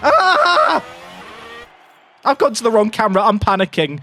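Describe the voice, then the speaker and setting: A young man giving excitable, jokey commentary while playing a racing game, talking to his chat and shouting at his drivers. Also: high voice, unhurried, faint music behind. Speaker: gaming video creator. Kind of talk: casual gameplay commentary.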